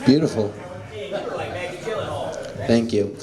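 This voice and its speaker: A man in his late twenties opening a stand-up set, halting and full of fillers. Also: fairly low pitch, a crowd in the background. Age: 20s. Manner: halting, full of likes and restarts. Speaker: open mic comic. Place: small room at a comedy open mic. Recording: echoey room.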